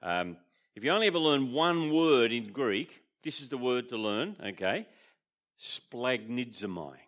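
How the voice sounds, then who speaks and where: A man's voice: medium pitch, very animated, moderate pace, fairly bright tone. A man preaching a sermon with an Australian accent, explaining in a conversational way and often asking the congregation questions. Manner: explains terms with fillers and restarts. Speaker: pastor.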